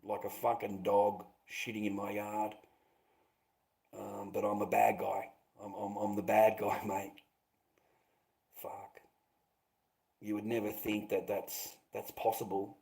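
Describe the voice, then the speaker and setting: A man's voice: lowish voice, monotone, slow, vocal fry, long pauses, mellow, low-quality recording. A man chatting to his livestream viewers, rambling and swearing, calling them mate and bro. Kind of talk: casual livestream chat.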